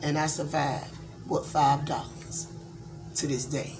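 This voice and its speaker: A woman's voice: sits low, fairly even intonation, slow pace, over music. A middle-aged woman from Georgia, talking in a candid, rambling way as a tarot reader in a casual vlog. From Georgia, USA. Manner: blunt, candid, rambling with many fillers.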